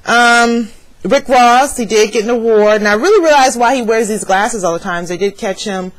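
A woman's voice: fairly high pitch, normal speed, poor audio. A woman in her thirties giving a blunt, profane, gossipy rundown to her camera in a casual vlog from home. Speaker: vlogger reviewing an awards show. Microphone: webcam with plugged-in microphone.

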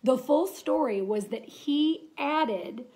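Brief: woman, fairly high voice, earnest chatty devotional teacher. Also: animated, slow pace, a little mellow. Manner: earnest, chatty, with frequent restarts and reading aloud. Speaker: Bible study teacher.

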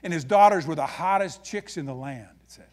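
Speaking a little high and a little fast, an Upper Midwest pastor spins animated stories during his sermon. His manner is folksy and jokey.

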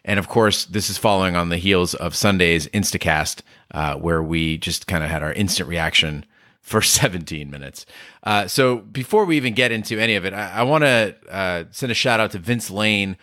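A man co-hosting a podcast, talking quickly and emphatically in casual discussion. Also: on the low side, animated, bright, forceful tone, no room sound, clean studio sound. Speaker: podcast co-host.

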